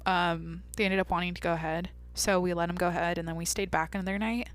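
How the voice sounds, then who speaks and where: A woman's voice: fairly low pitch, steady tone, quick pace, no echo, soft background music. A young woman hosting a podcast, talking candidly in a rambling, casual way with lots of "like". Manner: rambling, candid, heavy use of "like". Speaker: podcast host. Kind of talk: casual monologue.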